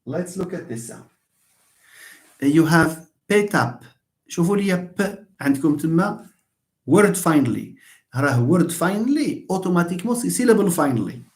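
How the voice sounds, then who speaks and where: A middle-aged man with a Moroccan accent giving a live online linguistics lecture, switching between English and dialect Arabic and slowly modelling sounds. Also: a little high, animated.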